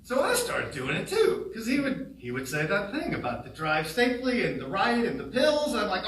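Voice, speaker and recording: Animated man giving a eulogy. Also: high voice, normal speed, few pauses. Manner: animated, laughing through funny stories. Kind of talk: humorous memorial storytelling. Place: funeral home. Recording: roomy, distant hall sound.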